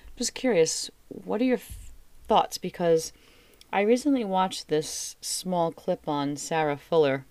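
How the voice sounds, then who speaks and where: A woman in her forties hosting a casual family podcast, asking teasing, drawn-out questions. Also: lowish voice, darkish tone, no echo. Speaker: podcast host and mother.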